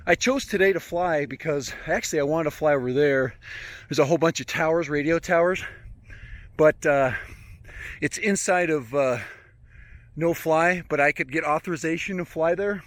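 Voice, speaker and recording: A man's voice: fairly high pitch, fairly bright tone, no room sound. A man narrating a casual outdoor vlog while hiking through open country, chatty and rambling and often chuckling. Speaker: drone hobbyist vlogger.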